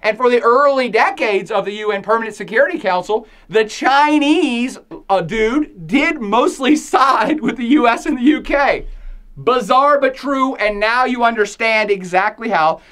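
A man giving a casual, animated lecture, playful and slangy, who often laughs and asks his class rhetorical questions. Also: very high voice, normal speed. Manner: slangy and irreverent.

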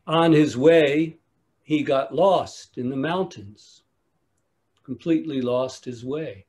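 A man giving a dharma talk at a retreat, telling a teaching story in a measured way with long pauses. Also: on the high side, darkish tone. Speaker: meditation teacher.

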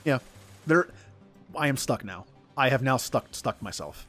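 Soft music plays in the background as a gaming streamer rambles through casual let's-play commentary, teasing himself along the way. He speaks at a measured pace in a mid-range, slightly bright voice with lively intonation.

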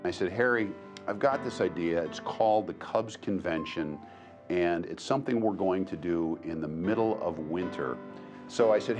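Deep-voiced man reminiscing, guitar behind. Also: moderate pace. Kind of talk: reflective interview. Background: guitar music.

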